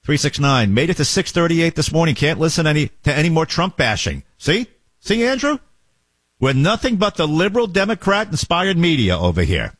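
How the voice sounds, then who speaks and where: Sardonic male talk-radio host, lively pitch. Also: no echo, studio quality. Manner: sardonic, does quick mock impressions, reads texts.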